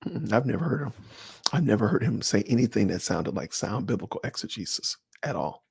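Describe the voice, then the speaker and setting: A man hosting a livestream, chatting casually and answering viewers by name in an animated, slangy way. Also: fairly low pitch, fairly quick, gravelly, husky, dry recording, clean studio sound. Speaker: livestream host. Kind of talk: casual livestream chat reading comments.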